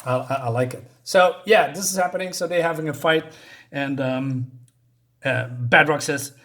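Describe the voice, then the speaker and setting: Chatty man reviewing comics, higher voice. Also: moderate pace, a bit bright. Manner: chatty, chuckles at his own jokes, many fillers. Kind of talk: casual spoken review.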